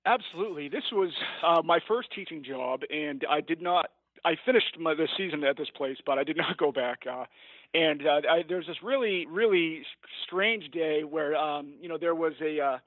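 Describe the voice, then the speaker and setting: A man's voice: on the high side, normal speed, no echo, narrow, tinny audio. Man telling a story over a phone-thin line. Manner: rambling, self-correcting, laughs at his own story. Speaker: guest, teacher and writer. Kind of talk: storytelling in a podcast interview.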